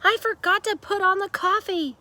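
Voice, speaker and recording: Woman reading as a naive storybook housekeeper, high and chirpy. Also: moderate pace, bright, forceful tone, no echo. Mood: cheerful. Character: literal-minded cheerful housekeeper woman.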